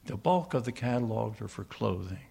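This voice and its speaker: An older male preacher with a gravelly, creaky voice delivers a sermon. He talks emphatically and poses rhetorical questions to the congregation before answering them. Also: fairly low pitch, animated, fairly quick, warm tone.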